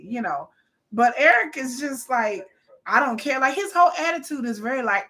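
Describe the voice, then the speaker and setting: A woman's voice: a little high, expressive, fairly quick, fairly bright tone. A woman hosting a live watch party of a reality show, giving blunt, profane, opinionated commentary straight to her viewers. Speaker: live-stream host.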